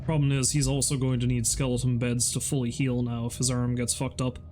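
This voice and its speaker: A man's voice: medium pitch, level tone, a little fast, background noise. A man streaming a video game, chatting casually and profanely, with a self-mocking manner. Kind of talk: casual gameplay commentary.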